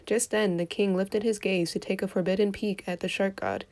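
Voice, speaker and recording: A woman reading a folktale aloud for children in an expressive storytelling voice. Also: mid-range voice, moderate pace.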